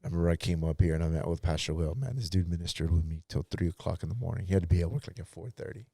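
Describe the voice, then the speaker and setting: A man's voice: low-pitched, racing, vocal fry, warm tone, husky, dry recording, studio quality. A man, a pastor on a podcast, telling his life story earnestly and acting out past conversations. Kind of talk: personal testimony in casual talk.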